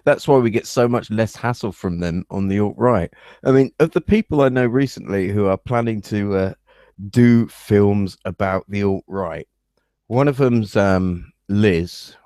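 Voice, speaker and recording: Low-voiced Englishman, hesitant and measured. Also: warm tone, no echo, clean studio sound. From England. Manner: measured and hesitant, with frequent ums. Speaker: podcast host. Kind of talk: casual podcast chat.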